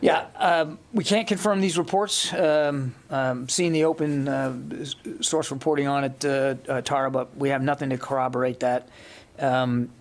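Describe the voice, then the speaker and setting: A mid-pitched man answers reporters' questions at a press briefing. He speaks in a measured, guarded way, pausing and restarting often as he picks his words. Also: fairly even intonation. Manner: measured, cautious, many hesitations and restarts. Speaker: press secretary. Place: briefing room.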